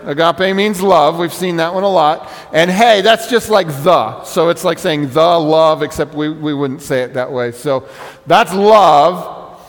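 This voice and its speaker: A man's voice: on the high side, a little slow, long reverb tail. A man preaching a conversational teaching sermon, explaining things step by step and stressing points by repeating words. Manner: explanatory, conversational, emphatic repetition. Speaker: pastor.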